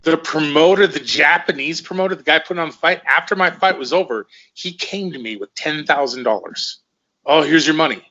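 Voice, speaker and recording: Middle-aged guy rambling through old stories, swears a lot, forceful voice, dull lo-fi audio. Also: fairly high pitch, brisk, hardly any pauses. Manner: rambling, profane, repeats himself. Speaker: former fighter, guest. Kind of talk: casual storytelling in conversation.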